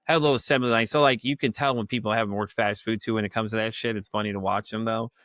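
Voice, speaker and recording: A man's voice: lowish voice, rapid-fire, dry recording, studio quality. A man telling a wild workplace story on a podcast, swearing freely and acting out the people in it with sudden jumps in voice. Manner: animated, profane, acts out the people in his story; laughs often. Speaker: podcast guest. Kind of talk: casual storytelling.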